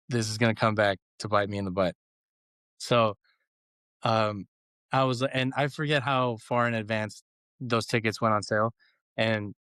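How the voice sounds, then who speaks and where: Clear and resonant with a slightly bright edge, this Los Angeles man's mid-range voice comes through clean studio sound with no echo. As guest cohost on a relaxed podcast, he spins lively stories, mimicking quotes amid laughter.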